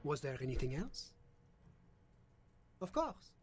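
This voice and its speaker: A man's voice: a little high, big pitch swings, slow. An actor playing a polite, accommodating male witness in a video game. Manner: courteous, accommodating. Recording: crowd noise behind.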